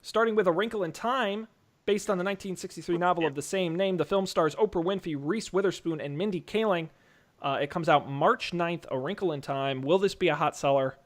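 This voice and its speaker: A man hosting a casual podcast, calling out bids like an auctioneer and joking along the way. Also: high voice. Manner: joking, quick auctioneer patter. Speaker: podcast host running a movie draft auction.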